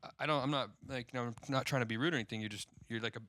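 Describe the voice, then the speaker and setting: A man's voice: mid-range voice, racing, bright, forceful tone, no echo, studio quality. A man from Indiana hosting a podcast, talking in a laid-back, jokey way with lots of laughing and quoted voices. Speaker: podcast host. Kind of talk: casual chat.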